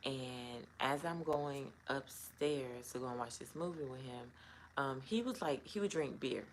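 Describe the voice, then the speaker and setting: A woman's voice: extremely low pitch, a little slow, a little hiss or hum, rough recording. A middle-aged woman telling a personal story to camera in a casual, rambling way, full of "um" and "like". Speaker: vlogger.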